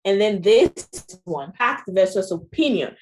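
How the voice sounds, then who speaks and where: A woman's voice: mid-range voice, sing-song, measured pace, darkish tone. A woman with a French accent presenting a training session in a chatty way, often adding "you know" and "right?". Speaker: workshop presenter.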